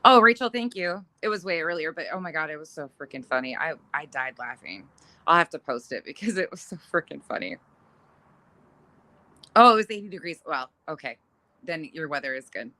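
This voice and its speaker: A middle-aged woman talks in a low but bright, forceful voice, chatting casually with viewers on a livestream. She laughs often and swears without a second thought, her talk loose and unscripted. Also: big pitch swings, a little fast. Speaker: livestream host reading viewer comments. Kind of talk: casual chat.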